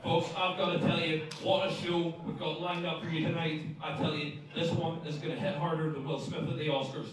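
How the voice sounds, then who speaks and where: An Irish man hosting a wrestling show as ring announcer, building hype with shouted calls to the crowd and joking asides. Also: on the high side, flat delivery, fairly quick, few pauses, far from the mic, heavy background noise. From Ireland. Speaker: ring announcer and party host. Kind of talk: live event announcing with jokes. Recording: echoey arena mic from afar.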